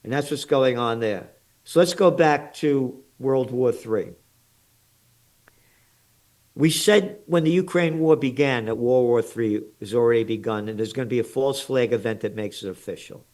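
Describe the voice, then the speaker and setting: A man's voice: medium pitch, moderate pace, darkish tone. An older American man with an American accent, a trends forecaster giving blunt, sarcastic, indignant commentary in an interview, full of rhetorical questions.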